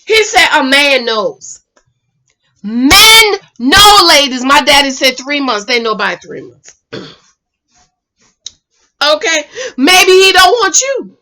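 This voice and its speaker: A woman's voice: sits high, big pitch swings, takes it slowly, long pauses, sharp tone. A woman reviewing a TV show in casual recap commentary, emphatic and sassy. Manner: emphatic, sassy, quotes people dramatically.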